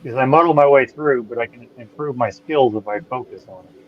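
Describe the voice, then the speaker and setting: A man's voice: medium pitch, brisk, a little hiss or hum. A man chatting on a livestream, hesitant and full of fillers. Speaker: guest. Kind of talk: casual livestream chat. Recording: muffled mic.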